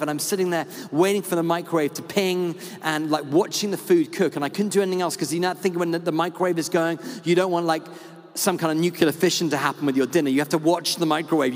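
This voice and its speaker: Male priest, high tenor, lively chatty storyteller; echoing hall sound. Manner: animated, chatty, with lots of fillers. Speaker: parish priest. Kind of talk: storytelling sermon. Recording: echoey hall with long reverb.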